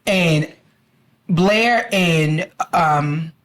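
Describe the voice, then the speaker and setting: A woman's voice: low-pitched, drawn-out words, rough recording. A woman co-hosting a podcast, casually retelling a film's plot and acting out quotes. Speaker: podcast co-host. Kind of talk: casual movie review chat.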